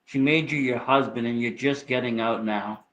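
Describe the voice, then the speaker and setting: A man with a Boston accent co-hosts a loose late-night chat, cracking profane jokes. His voice is bright and forward, at a middle pitch. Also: steady tone, normal speed, slight background noise, rough recording. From Massachusetts. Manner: joking, profane banter. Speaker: co-host.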